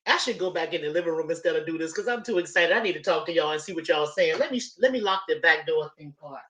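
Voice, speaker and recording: A woman's voice: sits low, animated, fast talker, a bit bright, poor audio. A woman telling a story casually on a live stream from her home, talking straight to her viewers, chatty and swearing freely. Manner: chatty, profane, addresses viewers as y'all. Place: at home, moving from kitchen to living room. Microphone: laptop on a live stream.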